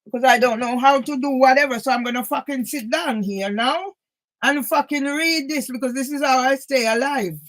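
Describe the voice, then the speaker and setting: High-pitched woman venting to camera, furious and upset, cursing a ton, keeps saying yeah?. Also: moderate pace, poor audio. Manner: agitated, heavy swearing, keeps asking "yeah?"; emotional, near tears. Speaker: vlogger. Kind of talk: angry personal monologue to camera.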